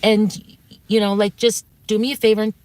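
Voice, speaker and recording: A woman's voice: mid-range voice, flat delivery, normal speed, darkish tone, smooth. A woman streamer telling her chat about an argument in a heated, profane way, often acting out quotes. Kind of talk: casual storytelling to stream chat.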